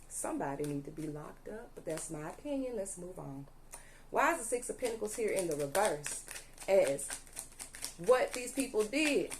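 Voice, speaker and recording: A woman's voice: medium pitch, slight background noise. A young woman reading tarot cards to her viewers, emphatic and repetitive, often stopping to ask "okay?". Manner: emphatic, repeats "allegedly" and "okay?", audibly angry at times. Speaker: tarot reader.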